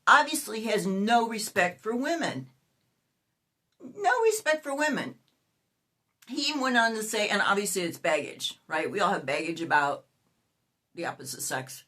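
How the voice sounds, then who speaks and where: Woman, 50s, vlog host; lively, exasperated rant with sharp outbursts and a voice that jumps all over. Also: mid-range voice, measured pace, long pauses. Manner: animated, exasperated ranting with sudden outbursts. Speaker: YouTuber.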